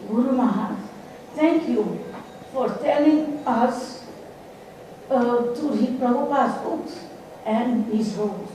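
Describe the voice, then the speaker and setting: A woman sharing a halting personal testimony as a participant at a gathering. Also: a little high, warm tone, a little hiss or hum. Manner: halting, with fillers. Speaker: retreat participant sharing a reflection. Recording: echoey hall, mic far off.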